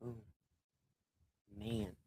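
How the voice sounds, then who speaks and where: Slow-talking, mouthy middle-aged woman. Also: mellow, a little hiss or hum. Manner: mouthy, swears freely. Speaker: livestream host. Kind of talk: casual livestream chat.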